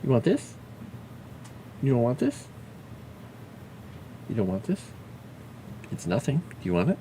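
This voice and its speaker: A man's voice: mid-range voice, sing-song, a little slow, dark tone, a little hiss or hum. A man casually chatting on a livestream while drawing a fantasy map, muttering to himself and cooing at his pet.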